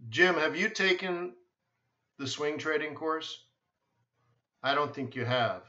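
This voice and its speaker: A man's voice: fairly high pitch, expressive, slow, bright, forceful tone. A man hosting a live trading stream, answering viewers bluntly and often repeating himself. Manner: blunt, repeats words, emphatic. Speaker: forex trading webinar host. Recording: echoey room, dull lo-fi sound.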